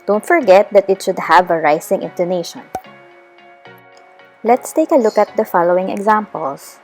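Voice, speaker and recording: A woman teaching a beginner's language lesson, who explains each step with careful, clear enunciation and slips in Tagalog phrases now and then. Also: mid-range voice, normal speed, faint music behind.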